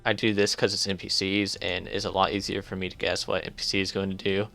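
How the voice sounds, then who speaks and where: A man streaming a card game live, thinking aloud in halting starts while his voice grows strained. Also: low-pitched, little pitch movement, creaky, sharp tone. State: strained, fading voice. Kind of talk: casual live gameplay commentary.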